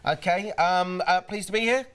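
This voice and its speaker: A man's voice: high voice, normal speed, a bit bright, a little hiss or hum. A man hosting a comedy game show in an upbeat, playful manner. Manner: playful, upbeat presenter patter.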